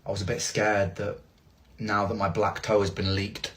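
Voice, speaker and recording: A man's voice: on the low side, little pitch movement, normal speed, slight background noise. A man talking casually to viewers in a wry, self-mocking way, swearing freely. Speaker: streamer in a played clip.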